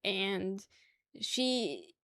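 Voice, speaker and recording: A woman's voice: medium pitch, big pitch swings, extremely slow, a bit bright, no room sound. Chatty New woman streamer, dry sound. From New York. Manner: chatty, laughs a lot, argues playfully with chat. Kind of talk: casual live-stream chat.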